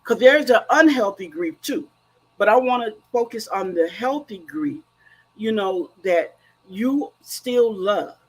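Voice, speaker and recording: A woman's voice: mid-range voice, animated, slow, slightly rough, rough recording. A woman grief coach speaking earnestly and emphatically in a faith-based, preacherly way. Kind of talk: faith-based conversational talk.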